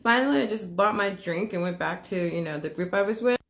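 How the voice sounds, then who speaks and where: A woman speaks at a middle pitch, telling a personal story in a candid, casual way. Her delivery is conversational, with plenty of filler words as she comments on a video. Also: quick pace, a bit bright. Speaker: reaction video host.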